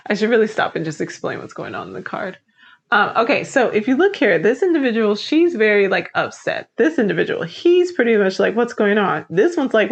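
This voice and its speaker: A woman's voice: a little high, sing-song, normal speed, husky, lo-fi sound. A woman tarot reader talking casually to her viewers, chatty and encouraging, with a lot of "like" as she walks through the cards. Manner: chatty, encouraging, uses "like" often. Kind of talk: casual tarot reading to camera.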